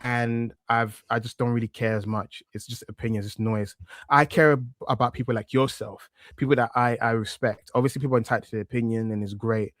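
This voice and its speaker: A man's voice: medium pitch, a little fast, no echo, studio quality. A man in his thirties from East London with a thick East London accent, chatting reflectively as a podcast guest with plenty of fillers. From East London, England. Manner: relaxed and reflective, many fillers and restarts. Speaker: podcast guest, wrestling media presenter. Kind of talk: casual interview chat.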